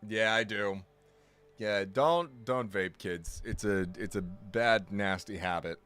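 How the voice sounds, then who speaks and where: A man's voice: on the low side, slow pace, fairly bright tone, clear, resonant tone. A man chatting casually on a live stream, rambling, correcting himself often and joking along with his chat. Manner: rambling, self-correcting, jokey.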